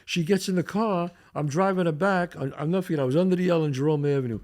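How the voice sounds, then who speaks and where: A man's voice: on the high side, fast talker, hardly any pauses. A man hosting a podcast, telling a story in casual chat and acting out what people said. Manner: animated storyteller acting out quotes. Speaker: podcast host.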